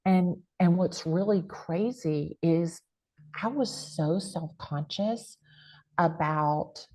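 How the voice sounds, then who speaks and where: A woman with a thick American country accent speaks in a low, full voice. She talks emphatically, dropping folksy catchphrases as she gives advice in an interview. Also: slow pace, a little mellow. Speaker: real estate agent and guest speaker. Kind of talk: motivational interview talk.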